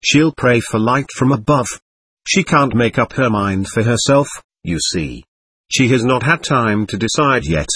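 A man's voice: mid-range voice, expressive, a little slow, fairly bright tone, husky, no room sound. Man playing a bitter, contemptuous young man. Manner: irritable, contemptuous.

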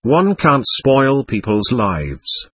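A man's voice: medium pitch, sing-song, very slow, husky, no room sound, clean studio sound, heavily acted. A man voicing an agitated young nobleman who speaks urgently and frantically. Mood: frantic. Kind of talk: audiobook character voice.

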